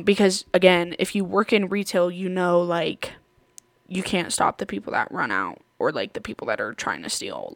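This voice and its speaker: A woman hosts her podcast in loose, rambling storytelling, laughing often as she goes. Her voice sits in an ordinary middle pitch and is recorded close on the mic in a dry room. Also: no room sound. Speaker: podcast host. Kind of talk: casual storytelling chat.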